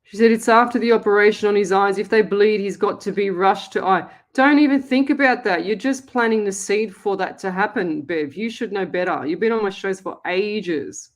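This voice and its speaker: Middle-aged Australian woman, live call-in host, mid pitch, chatty and blunt. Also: moderate pace, few pauses. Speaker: psychic medium radio host. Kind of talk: live call-in reading, casual chat.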